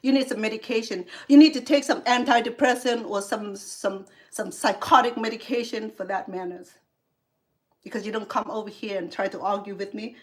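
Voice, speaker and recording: A Cambodian woman learning English hosts a cooking livestream and angrily scolds a rude viewer, her rant full of heated sarcasm. Her voice is mid-range and her speed normal.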